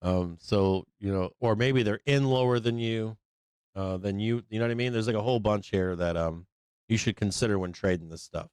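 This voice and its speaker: A man with a low, smooth voice hosts a live trading stream in a loose, rambling way. He swears freely, and he fills his talk with ums and "you know what I mean." The sound is dry and close, with no room echo. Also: moderate pace, darkish tone. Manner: rambling, profane, filler-heavy, quotes people in mocking voices. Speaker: livestream trading host. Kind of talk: casual live-stream commentary.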